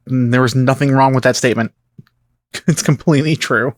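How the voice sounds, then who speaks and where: Measured podcast guest, dry close sound. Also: male voice, medium pitch, steady tone, no echo. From Canada. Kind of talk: casual podcast chat.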